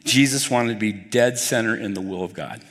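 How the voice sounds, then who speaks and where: A male pastor preaching a sermon, telling the story with animated, acted-out dialogue. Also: on the low side, moderate pace. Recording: long hall reverb.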